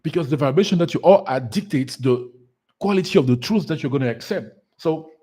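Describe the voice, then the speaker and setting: A man's voice: on the high side, animated, fairly quick, warm tone, husky. A man talking as a spiritual life coach on a casual solo livestream, earnest, repeating words for emphasis, with fillers. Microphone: solo live stream setup.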